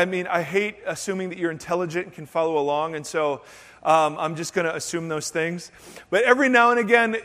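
A man's voice: high-pitched, fairly bright tone, in a large hall. A male pastor giving a sermon to his congregation, breaking in with playful joking asides. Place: church sanctuary.

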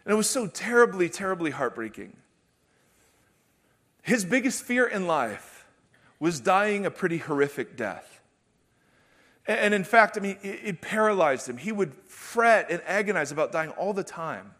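A middle-aged man preaching a sermon, swinging from loud, emphatic declarations to hushed, intimate storytelling. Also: sits high, very animated, normal speed. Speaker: pastor.

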